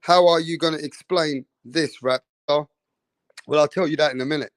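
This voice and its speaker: A man hosting a boxing livestream, reading out chat comments and giving loose, profane shout-outs. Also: a little high, a little slow, long pauses, no echo.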